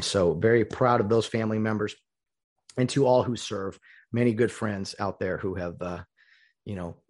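A man hosting a casual solo show, rambling and acting out the lines he quotes. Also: fairly low pitch. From United States. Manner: rambling, animated, acts out quoted dialogue. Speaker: podcast host.

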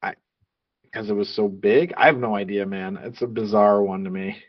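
A man's voice: fairly low pitch, steady tone, normal speed, dry recording, dull audio. A man co-hosting a casual movie podcast, sharing trivia from notes with frequent ums. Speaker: podcast co-host.

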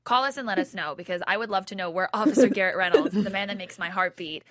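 A woman's voice: mid-range voice, fast, fairly bright tone, dry recording, clean studio sound. A young woman co-hosting a casual fan chat, bubbly and giggly. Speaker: co-host of a fan recap show. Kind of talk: casual chat recapping a TV episode.

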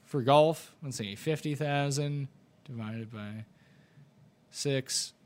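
A man hosting a casual livestream Q&A, answering questions with quick, blunt replies and wisecracks. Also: medium pitch, darkish tone. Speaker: livestream host.

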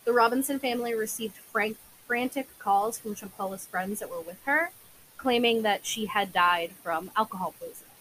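A woman's voice: mid-range voice, moderate pace, fairly bright tone, slight background noise, rough recording. A young woman co-hosting a true crime podcast, recounting case details casually with many filler words. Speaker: podcast co-host.

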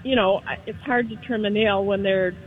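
Older woman, radio caller, hesitant halting speech, tinny phone line, middle pitch. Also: fairly even intonation, husky.

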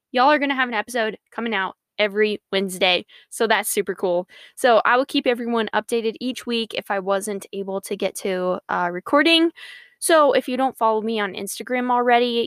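A woman's voice: medium pitch, a bit bright, smooth, no echo, studio quality. A young woman hosting her faith podcast, talking in a bubbly, earnest, rambling way. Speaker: podcast host. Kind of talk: casual Christian podcast monologue.

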